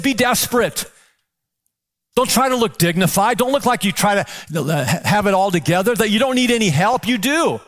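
A man's voice: high voice, a bit bright. A male pastor preaching a sermon with passion, firing off rhetorical questions and repeating words as he builds.

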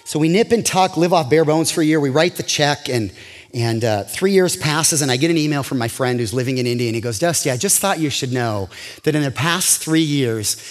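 A man preaching a sermon as a pastor, telling a personal story with animated delivery and acted-out dialogue. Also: a little high, fairly quick, big-room sound.

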